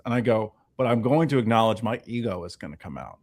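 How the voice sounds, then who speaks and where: A man on a casual livestream telling an animated story, acting out the voices of the people he quotes. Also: mid-range voice, brisk, few pauses. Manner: animated storyteller who acts out quoted dialogue. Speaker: guest.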